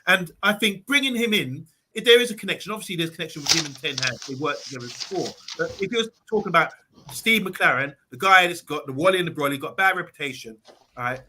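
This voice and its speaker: A man, talking football on a live fan show, telling animated stories and quoting people in put-on voices. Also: on the high side, fast talker, a little hiss or hum. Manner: animated storytelling, quoting others in acted voices. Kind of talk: live online football talk.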